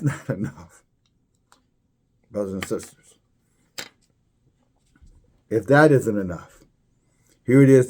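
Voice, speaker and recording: Preaching a religious commentary, a man speaks haltingly and repeats himself, his somewhat mellow voice rising sharply when he stresses something.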